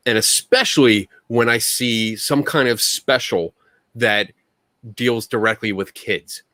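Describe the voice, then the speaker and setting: A man's voice: mid-range voice, slow pace, sharp tone, no echo. A man co-hosting a casual podcast chat, ranting angrily and swearing, then laughing it off. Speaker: podcast co-host.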